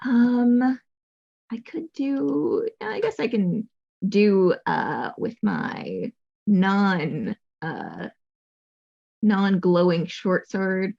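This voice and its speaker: Slow, lively-voiced playful woman. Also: mid-range voice, vocal fry, highs cut off. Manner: playful, wry, giggly. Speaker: player. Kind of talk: tabletop game play.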